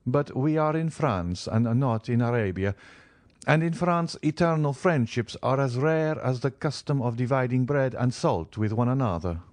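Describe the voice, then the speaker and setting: A man's voice: medium pitch, lively intonation, moderate pace, a little mellow, no echo, studio quality, voice pushed up, close to an everyday voice. A man reading the part of a reserved, formal nobleman in an audiobook, cool and restrained. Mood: guarded. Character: reserved, guarded nobleman, middle-aged.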